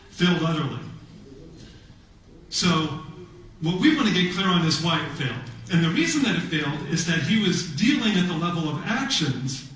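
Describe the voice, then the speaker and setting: A man giving a prepared talk, telling a story in a measured, emphatic way with pauses. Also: on the high side, fairly bright tone. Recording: very echoey hall, voice from far off.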